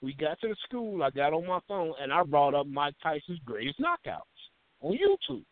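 A man's voice: fairly high pitch, moderate pace, no room sound. A man co-hosting a radio talk show, telling stories in casual, profane chat. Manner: animated storyteller, swears a lot. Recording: phone-like narrow band.

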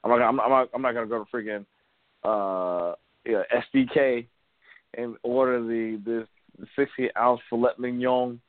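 A man's voice: mid-range voice, fairly even intonation, moderate pace, dry recording. A man in casual podcast chat, rambling with frequent laughs and restarts. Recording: tinny phone-like sound.

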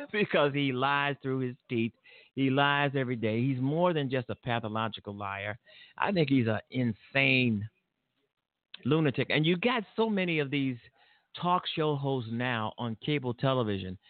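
A man hosting his own political talk show, ranting bluntly with profanity and frequent ums and restarts. His voice sits at an ordinary middle pitch. The audio is dry and thin, like it came through a phone line. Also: animated, moderate pace, no echo. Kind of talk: casual political commentary monologue.

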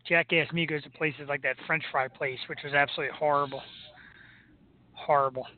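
Male talk host, high voice, loose jokey banter, tinny lo-fi audio. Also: fairly even intonation, brisk. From Philadelphia, US. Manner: joking, rambling, laughs often. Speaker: podcast host. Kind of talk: casual live show chat. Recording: tinny phone-like sound.

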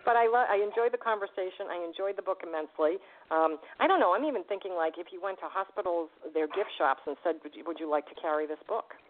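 A woman hosting a radio show, chatting with a caller and telling stories in a lively way, laughing often. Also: on the low side. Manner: fast, animated storytelling, laughs often. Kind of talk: casual radio interview chat. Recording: tinny phone line.

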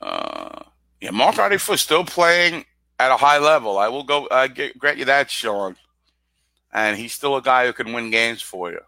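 Sports radio guy, bright punchy voice, blunt rants, dry studio sound. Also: mid-range voice, huge pitch swings, normal speed, gravelly, dry recording. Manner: blunt, ranting about the team. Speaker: co-host. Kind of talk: casual sports radio chat. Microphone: studio microphone.

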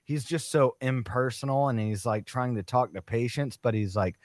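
A man's voice: medium pitch, normal speed, a little mellow, no room sound. A young man co-hosting a podcast, rambling in crude, profane chat with lots of "like". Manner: rambling, filler-heavy, profane. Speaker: podcast co-host.

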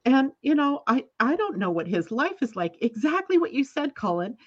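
A woman hosting an astrology talk show, telling a story in a chatty, animated way, often laughing and acting out what people said. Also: high-pitched, moderate pace, lo-fi sound. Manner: animated, laughs while telling stories, acts out quotes. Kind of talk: casual storytelling chat.

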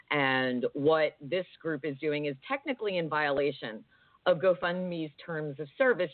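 A low-voiced woman co-hosts a talk radio show, chatting casually and rambling with plenty of fillers. The sound is dry and tinny, like a phone line, with no echo.

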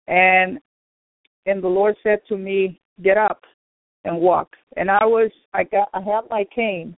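A woman's voice: medium pitch, steady tone, moderate pace, dry recording. A woman giving an earnest personal faith testimony on a radio program, repeating herself and calling out to her brothers and sisters. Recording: tinny phone line, dry.

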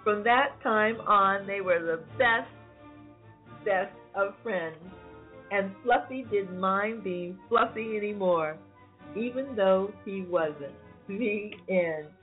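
A woman reading a bedtime story to children, slow and expressive, often laughing. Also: mid-range voice. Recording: phone-like lo-fi sound, faint music.

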